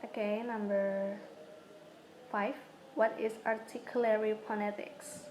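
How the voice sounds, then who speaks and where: Young student girl, first language indonesian, reading her exam answers real slow in choppy bits, noisy room hiss behind. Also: medium pitch, flat delivery, darkish tone. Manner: halting, reads in short phrases with stumbles. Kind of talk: reading prepared answers aloud.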